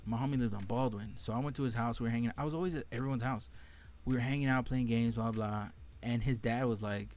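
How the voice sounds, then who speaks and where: A man's voice: medium pitch, steady tone, fast, darkish tone, soft background music. Candid, profane young man telling stories. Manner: candid and profane, laughing at painful memories. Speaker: podcast host. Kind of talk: casual storytelling monologue.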